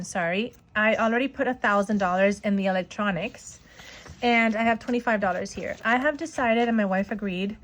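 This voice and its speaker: A woman in her forties chatting casually on a budgeting vlog, rambling and excited, with a lot of "like" fillers. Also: medium pitch. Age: 40s. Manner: rambling and excited, heavy use of "like". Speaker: budgeting vlogger. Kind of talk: casual chat.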